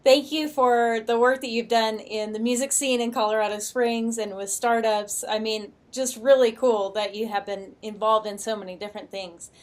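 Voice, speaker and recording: Higher-voiced woman podcast host. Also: steady tone, moderate pace, hardly any pauses. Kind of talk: interview questions.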